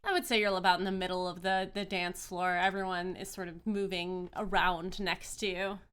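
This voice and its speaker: A woman's voice: fairly low pitch, flat delivery, normal speed, fairly bright tone, clean tone. A woman narrating a tabletop fantasy game as game master, describing scenes with frequent fillers.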